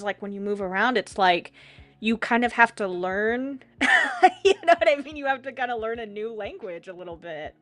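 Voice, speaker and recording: A woman's voice: mid-range voice, a bit bright, no echo. A woman from Oklahoma chatting casually on a livestream, full of "you know" and "like". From Oklahoma, United States. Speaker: livestream co-host.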